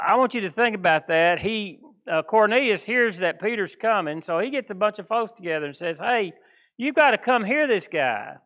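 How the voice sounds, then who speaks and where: A man's voice: high-pitched, sharp tone. A man with an East Texas accent, preaching an informal sermon in a plainspoken, folksy, rambling way. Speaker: pastor.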